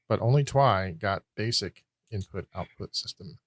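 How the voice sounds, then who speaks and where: A man running a casual podcast trivia game with a low, gravelly voice. He reads questions and scores in a dry, wry manner and rambles a little when he explains things. The recording is close and dry. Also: takes it slowly, no echo. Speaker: quizmaster host.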